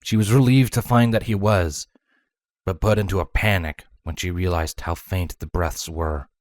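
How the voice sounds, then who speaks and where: A man reading fan fiction aloud as storybook narration, measured and dramatic. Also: deep voice, fairly even intonation, no echo, studio quality. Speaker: fanfiction reader.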